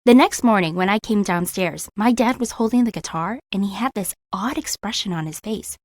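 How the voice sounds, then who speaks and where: Young woman narrating an animated story. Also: mid-range voice, moderate pace, dry recording, studio quality. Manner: emotional, confiding storytelling. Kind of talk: scripted first-person story narration.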